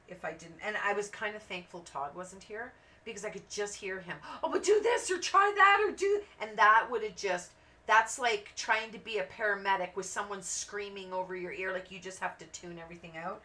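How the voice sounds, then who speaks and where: On her craft channel, a woman with a mid-range voice and normal pace chats while coloring, telling meandering, lively anecdotes and impersonating the people in them. She is a little distant from the microphone, and faint background noise can be heard.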